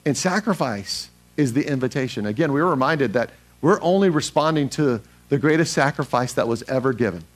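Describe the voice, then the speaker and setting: A man's voice: medium pitch, animated, fairly quick, few pauses. A male pastor preaching a sermon, emphatic, putting questions to the congregation and repeating phrases for stress. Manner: asks the congregation questions and answers them himself.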